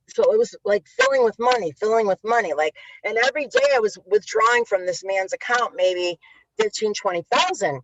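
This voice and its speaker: A woman guest on an interview, telling stories in a casual, animated way and acting out quotes with lots of swearing. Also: medium pitch, a little hiss or hum. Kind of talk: casual storytelling. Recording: dull lo-fi sound.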